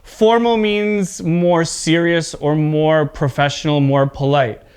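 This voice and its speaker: Slow, clear-voiced male English teacher. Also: fairly high pitch, steady tone, darkish tone. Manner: patient, often checks in with "okay?"; exaggerates word stress in examples. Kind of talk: classroom pronunciation lesson.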